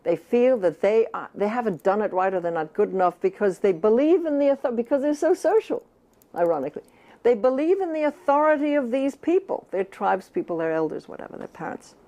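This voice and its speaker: A woman's voice: a little high, very animated, brisk, mellow. An older woman from the United States, an author giving an earnest, emphatic talk and often speaking as if she were the baby. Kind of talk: reflective talk on child rearing.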